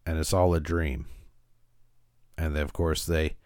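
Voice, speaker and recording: A man's voice: a bass voice, steady tone, measured pace, a little mellow, dry recording, clean studio sound. A man hosting a podcast, casually recapping an episode with frequent fillers and restarts. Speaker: podcast host.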